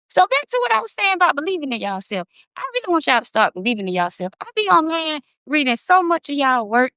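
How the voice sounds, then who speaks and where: A woman's voice: high-pitched, a bit bright, dry recording. Impassioned thirty-year-old woman on a livestream. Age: about 30. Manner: emphatic, impassioned, swears freely. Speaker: livestream host. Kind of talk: casual livestream talk.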